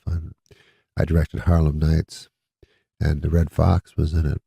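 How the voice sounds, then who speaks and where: A man's voice: rumbling low, little pitch movement, a little slow, vocal fry, pauses often, dark tone, breathy edge, dry recording. A comedian telling a long anecdote in casual conversation, laughing as he goes and acting out the people in it. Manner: acts out quoted voices, laughs mid-story. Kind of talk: casual storytelling.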